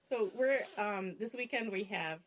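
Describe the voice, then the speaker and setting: A woman's voice: medium pitch, measured pace. A woman co-hosting a casual podcast at her sister's house, chatty and laughing often, recorded on a phone. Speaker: podcast co-host.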